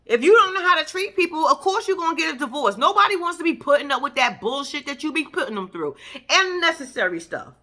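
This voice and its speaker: A woman's voice: very high-pitched, animated, fairly quick, bright, forceful tone. A woman giving casual reaction commentary as a vlogger, blunt and profane, ranting in exasperation.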